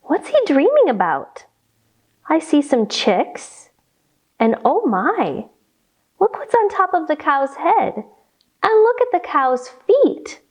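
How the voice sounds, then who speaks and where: A woman leading a children's storytime with yoga instruction, reading aloud in a playful, expressive way. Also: high voice. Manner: animated, playful, slow and expressive.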